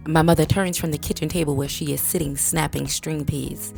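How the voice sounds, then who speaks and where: Low-voiced woman reading a memoir. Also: fairly even intonation, a little fast, creaky, darkish tone, soft background music. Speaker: book reader. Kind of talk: audiobook narration.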